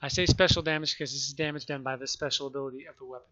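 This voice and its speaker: Halting man rambling through a game explainer. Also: medium pitch, steady tone, pushed and bright. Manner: halting, restarts and corrects himself often. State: has the hiccups. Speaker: gaming video creator. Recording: muffled lo-fi mic.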